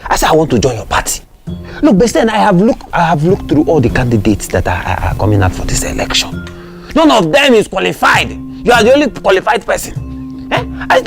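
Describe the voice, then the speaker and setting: A man's voice: a little high, creaky. A man with a Nigerian accent playing a boastful politician in a comedy skit, taunting his rival with a stream of fillers. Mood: persuasive. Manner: gloating, taunting, repeats fillers. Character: boastful mocking male election winner. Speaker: winning politician.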